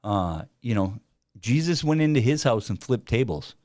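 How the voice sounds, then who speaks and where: A man hosting a reaction video, talking in a slow, hesitant way with many fillers and restarts. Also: medium pitch, lively intonation, darkish tone, no room sound, clean studio sound. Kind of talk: casual commentary.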